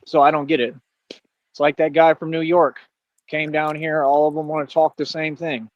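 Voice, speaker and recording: A man's voice: fairly high pitch, flat delivery, normal speed, no echo, highs cut off. A man giving a boastful, confrontational livestream rant, full of challenges to his critics. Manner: boastful, confrontational, repeats "what are you talking about". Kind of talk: ranting livestream monologue.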